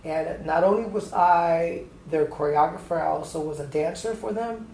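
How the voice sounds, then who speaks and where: A man in his fifties from Atlanta, Georgia, telling his story as a choreographer guest in an interview, lively and acting out the voices in his anecdotes. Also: on the high side, normal speed, vocal fry. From Atlanta, Georgia, USA. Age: 50s. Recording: roomy echo with faint background noise.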